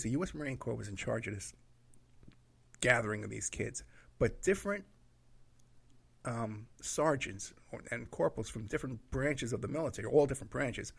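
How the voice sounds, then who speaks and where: Gravelly husky man telling a story. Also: medium pitch, lively intonation, normal speed. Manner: rambling, laughs at his own story, acts out quoted lines. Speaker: guest telling a road trip story. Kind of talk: casual storytelling.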